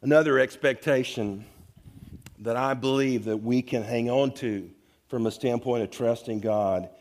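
A man's voice: medium pitch, measured pace, a little mellow. A man preaching a sermon, reading scripture and explaining it to the congregation.

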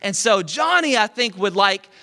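A man's voice: high-pitched, lively intonation, moderate pace, bright, forceful tone, full character voice. A man voicing a scheming little girl who speaks with sugary, overly polite words. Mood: sweetly scheming. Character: sly scheming little girl, a blackmailing sister.

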